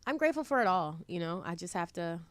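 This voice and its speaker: A woman's voice: fairly low pitch, fast talker, no echo. A woman, a trucking entrepreneur, chatting as a guest in a casual interview and acting out the voices of the people she quotes. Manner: animated, acts out quoted voices.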